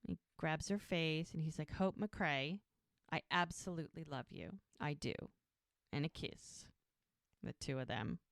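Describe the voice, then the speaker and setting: Low, smooth-voiced woman recapping a show. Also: a little slow, fairly bright tone, dry recording, clean studio sound. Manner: retells scenes by acting out lines, laughs often. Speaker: podcast co-host recapping a TV episode. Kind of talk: casual chat.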